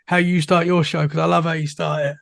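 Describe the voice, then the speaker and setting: An English man hosting a podcast in a casual chat, upbeat and quick to laugh. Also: fairly high pitch, little pitch movement, creaky, a bit bright, dry recording, clean studio sound. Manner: upbeat, laughs easily, enthusiastic praise. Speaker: podcast host.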